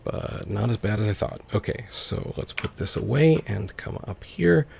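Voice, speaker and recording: A man's voice: fairly low pitch, lively intonation, moderate pace, gravelly, darkish tone, slight background noise. A man casually commenting on his own gameplay, musing aloud to himself as he plays. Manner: musing, talks to himself while playing. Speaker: let's play host.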